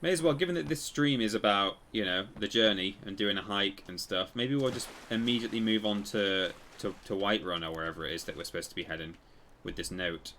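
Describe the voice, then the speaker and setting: A man's voice: on the low side, brisk, few pauses, pushed and bright, slight background noise. A man casually commenting while he plays a game on a live stream, rambling and correcting himself as he tells stories. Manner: rambling, self-correcting storyteller.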